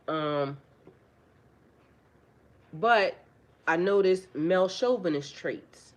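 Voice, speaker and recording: A woman's voice: lowish voice, expressive, very slow, long pauses. Blunt, profane woman preaching to viewers. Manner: rhetorical questions, repeats phrases for emphasis. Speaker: spiritual life coach. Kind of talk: casual livestream talk to viewers.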